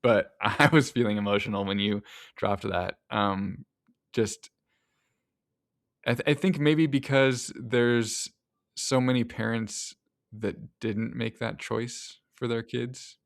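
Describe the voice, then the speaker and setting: A man hosting a podcast interview, soft-spoken and hesitant as he asks questions. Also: medium pitch, steady tone, takes it slowly, gravelly, no echo, studio quality. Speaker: podcast host.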